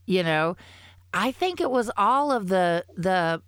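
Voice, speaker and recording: A woman co-hosting a podcast in casual chat, rambling and halting with many restarts, swearing freely. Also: mid-range voice, expressive, clear, resonant tone, dry recording, studio quality. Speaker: podcast co-host.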